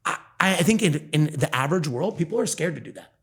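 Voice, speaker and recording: A man's voice: on the high side, fast talker, vocal fry, breathy edge. A man hosting a podcast, chatting casually and earnestly, telling stories and acting out the people in them. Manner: earnest, animated storyteller acting out quoted voices. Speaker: podcast host. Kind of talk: casual conversation, storytelling.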